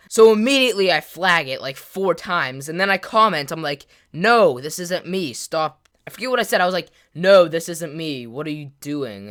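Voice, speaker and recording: A teenage boy casually telling a personal story for a video, jumping between loud exclamations and low mumbling. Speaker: gaming video creator.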